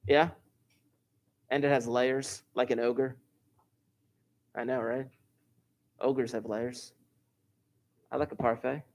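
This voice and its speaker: A male math teacher leads a live online algebra lesson. He explains each step plainly and mixes in jokes and banter with the class. His pitch sits at an ordinary middle height. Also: flat delivery, takes it slowly, long pauses. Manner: joking, chatty, talks back to students.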